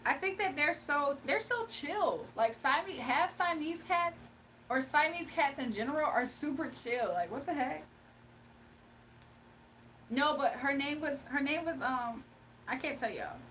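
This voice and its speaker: Chatty and bubbly, a young streamer gushes and laughs frequently as she talks with her audience in a high, animated voice. Her pace is unhurried, the mic is distant, and a faint background hiss can be heard.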